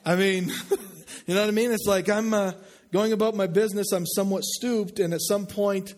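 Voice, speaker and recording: Conversational preacher man, fairly high voice. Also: steady tone, darkish tone. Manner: conversational, asks the congregation questions; drops low and slow for emphasis. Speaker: pastor. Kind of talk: sermon.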